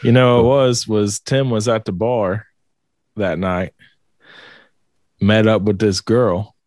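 A man's voice: on the low side, fairly even intonation, slow pace, darkish tone, no echo. A man in casual chat, joking and spinning a wry tale.

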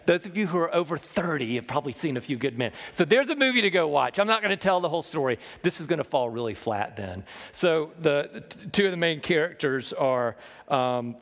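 A man preaching a sermon, shifting between loud emphasis and hushed low lines and asking the congregation questions. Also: big-room sound. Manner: talks with the congregation, asks them questions. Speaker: pastor.

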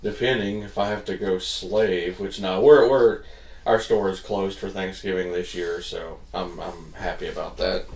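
A man chats casually on a podcast and throws himself into his stories, acting out the people and laughing along. His voice sits a little low. He is recorded in an echoey room from a short distance off the mic. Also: measured pace. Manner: animated storyteller, acts out voices, laughs a lot. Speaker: podcast co-host. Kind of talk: casual chat, storytelling.

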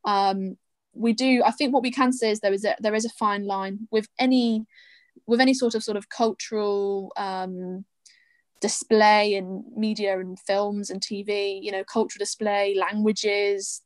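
A woman's voice: mid-range voice, level tone, measured pace, no echo. A woman co-hosting a casual discussion podcast, speaking thoughtfully with many ums and you-knows. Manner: thoughtful, filler-heavy with "um" and "you know". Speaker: podcast co-host.

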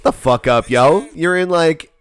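A man's voice: a little high, unhurried. A man co-hosting a podcast, cracking blunt jokes while reacting to a clip. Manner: wisecracking, blunt. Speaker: podcast co-host. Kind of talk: casual chat reacting to a clip.

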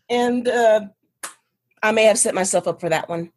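Woman guest chatting, swoopy lively voice, kinda husky, laughs between lines. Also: a little high, normal speed. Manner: animated, laughing often. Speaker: guest, author. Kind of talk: casual interview storytelling.

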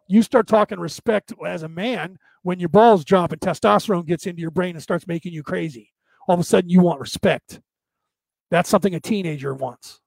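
A man's voice: high voice, vocal fry, darkish tone, dry recording, poor audio. A man giving a blunt, profane, lecturing monologue, often checking in with "okay?".

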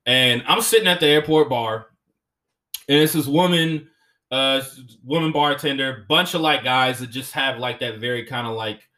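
A young man hosting a podcast, telling stories in an animated way, swearing often and slipping into voices. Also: mid-range voice, moderate pace. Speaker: podcast host and comedian. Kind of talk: casual chat.

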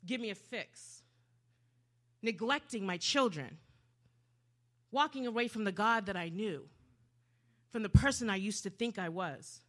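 A woman preacher giving a sermon, swinging dramatically from hushed to loud. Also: mid-range voice, expressive, a little slow, pauses often.

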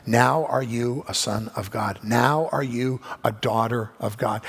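Gravelly, husky-voiced male preacher. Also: mid-range voice, unhurried, hardly any pauses, fairly bright tone. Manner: preaching with rising, emphatic swells and acted-out listener voices. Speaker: pastor. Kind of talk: sermon.

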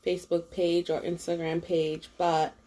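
A young woman co-hosting a casual podcast, telling stories with an animated, laughing delivery. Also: lowish voice, measured pace. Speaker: podcast co-host. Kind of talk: casual chat.

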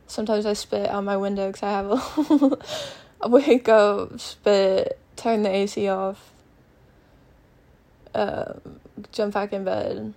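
A young woman with a medium-pitched, darkish voice takes it slowly as she hosts a rambling solo podcast, her intonation fairly even. Sitting in a bedroom at her mother's house, she thinks aloud and leans heavily on fillers.

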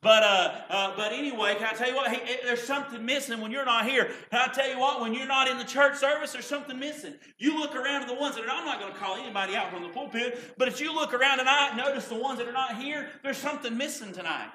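A man's voice: very high voice, fast, few pauses, pushed and bright, slight background noise. A man preaching a folksy sermon as pastor, often asking "can I tell you what". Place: church sanctuary. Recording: echoey church room.

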